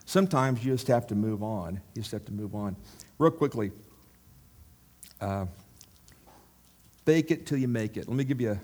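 Chatty storytelling male pastor. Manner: rambling anecdotal delivery, checks in with the audience; bursts louder on punchlines, drops low on asides. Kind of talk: conversational storytelling sermon.

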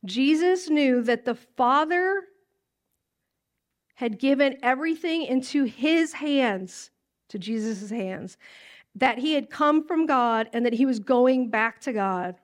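A woman pastor teaching a sermon from scripture in a casual way, acting out lines in a livelier voice. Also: slow pace. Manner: casual, animated, acts out lines in a high voice.

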